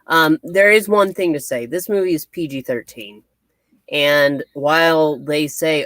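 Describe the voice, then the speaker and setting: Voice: mid-range voice, unhurried, a bit bright, no echo. A reviewer talking through a movie in casual chat, playfully asking and answering their own questions.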